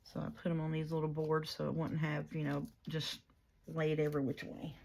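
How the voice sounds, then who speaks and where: A woman with a low, gravelly voice talks her way through a paper craft in a folksy, chatty manner. She talks to herself and to her materials as she works. The home recording is noisy, with clicks behind her. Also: completely flat delivery, normal speed, a little mellow. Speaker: crafting vlogger. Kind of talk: casual crafting chat.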